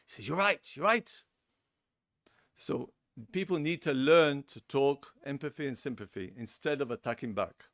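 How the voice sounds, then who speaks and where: A man's voice: medium pitch, animated, moderate pace, no room sound, studio quality. A middle-aged man lecturing a seminar in a conversational way, acting out example lines and repeating his words. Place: lecture room.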